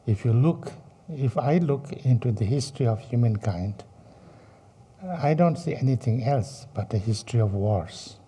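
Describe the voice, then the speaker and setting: Slow, dark-voiced man teaching dharma. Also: medium pitch, expressive, slightly rough. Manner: slow, halting, many fillers and rhetorical questions. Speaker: Buddhist teacher.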